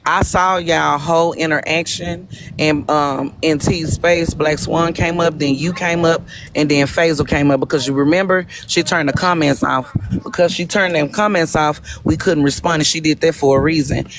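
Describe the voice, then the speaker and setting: A woman's voice: low voice, fairly even intonation, moderate pace, noisy background. A woman speaking in a heated live-stream argument, confrontational and accusatory. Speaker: live-stream debate participant.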